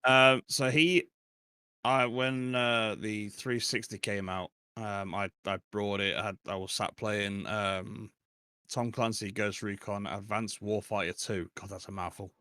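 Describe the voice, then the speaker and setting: Man, forties, low voice, dry close sound, chatty, laughs a lot. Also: steady tone, a little slow, sharp tone, clean tone, no echo. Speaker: guest streamer. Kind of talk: casual podcast chat.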